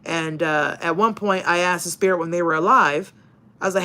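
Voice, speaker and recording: A woman's voice: fairly low pitch, brisk, sharp tone. A woman chatting casually on a livestream, reading viewer comments, laughing often and swearing playfully in slang. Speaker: YouTuber and paranormal investigator.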